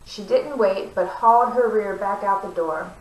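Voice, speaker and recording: Woman reader, expressive narration, medium pitch, roomy, distant. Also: moderate pace. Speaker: book reader. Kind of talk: reading a novel aloud.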